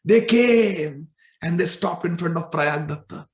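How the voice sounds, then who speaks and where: A man's voice: on the high side, a little slow. A man telling a devotional scripture story in a vivid, emotional way, with asides to his listeners. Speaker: storyteller and preacher. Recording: echoey room.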